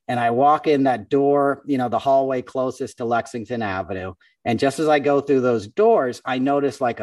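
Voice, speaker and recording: A man's voice: medium pitch, no echo, far from the mic. A man and comedian guest telling a story in casual conversation, acting out other people's voices as he goes. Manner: animated, acts out other people's voices in stories. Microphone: podcast microphone.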